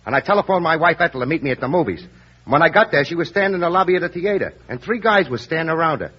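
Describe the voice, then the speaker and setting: An actor playing Joe, an excitable, hotheaded Brooklyn husband in a 1930s radio comedy, slangy and protective. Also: male voice, fairly high pitch, very fast, husky. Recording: dull lo-fi old radio recording.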